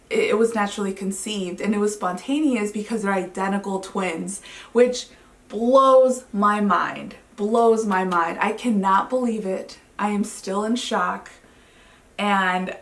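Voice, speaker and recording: A woman in her thirties, a vlogging mother, telling her story in a chatty, excitable way with lots of fillers. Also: medium pitch, slow pace. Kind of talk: casual storytelling to camera. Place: home living room. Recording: roomy echo, mic at a distance.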